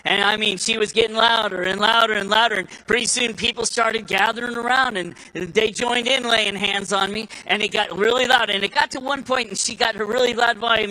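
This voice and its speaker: A man speaking to a live audience in a folksy, storytelling way, often restarting his sentences and acting out the people he quotes. His voice sits high for a man, with a very bright, sharp edge. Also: steady tone, a little fast, few pauses, poor audio. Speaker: speaker at a political summit.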